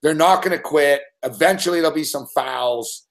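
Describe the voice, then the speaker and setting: A man's voice: a little high, moderate pace, creaky. A man from Canada, talking through sports betting picks in a casual live chat and laughing easily.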